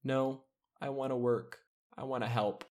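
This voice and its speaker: A man's voice: medium pitch, steady tone, measured pace, darkish tone, voice pushed up, close to an everyday voice. Man voicing a raised, hurt teen girl. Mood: hurt, defiant. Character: young teen girl hero, hurt but defiant.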